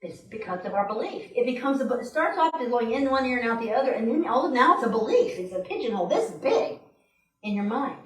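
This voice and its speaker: Lively woman preaching in an echoey church. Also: a little high, brisk. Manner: animated, chatty, acts out quotes with a laugh. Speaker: speaker at a church service. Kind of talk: conversational sermon. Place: church sanctuary. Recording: roomy echo, mic at a distance.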